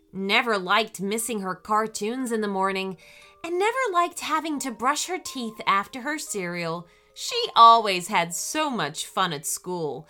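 Animated woman telling children's stories. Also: medium pitch. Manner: animated, warm storyteller. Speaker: children's story podcast host. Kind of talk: storytelling for children.

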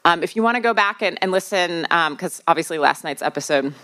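A woman's voice: fairly low pitch, lively intonation, quick pace, bright, forceful tone. Chatty Midwestern American woman host. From United States. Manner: chatty, asks the crowd questions, many fillers. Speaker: podcast host. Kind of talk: live podcast talk to an audience. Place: live venue with audience.

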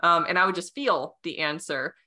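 Woman guest, animated storyteller, crisp bright tone, chatty with fillers. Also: on the low side, moderate pace. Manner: animated, acts out quoted voices; many fillers like "you know" and "like". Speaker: podcast guest. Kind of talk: casual storytelling.

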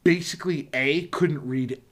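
A man's voice: fairly high pitch, measured pace, fairly bright tone. A man co-hosting a podcast in casual chat, rambling and cursing freely as he jokes with his co-hosts. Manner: rambling, profane, jokey. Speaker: podcast co-host.

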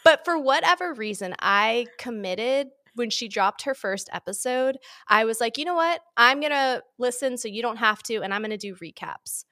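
A woman's voice: a little high, expressive, normal speed, few pauses, bright, forceful tone, dry recording, studio quality. A woman guest on a podcast, chatting casually with self-deprecating, sarcastic humor and mock voices. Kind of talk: casual chat.

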